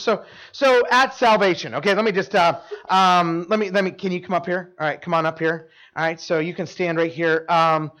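A man delivers a sermon in a notably high voice, pulling volunteers up to act out his point. He talks in an animated way, doubling words and restarting sentences, and tosses quick asides to his listeners. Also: low-quality recording. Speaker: preacher. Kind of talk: sermon with live volunteer demonstration.

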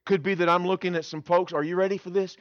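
A man preaching a sermon, telling his own story in an animated way with quick restarts and repeated words. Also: high voice, no echo. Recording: dull, dry sound.

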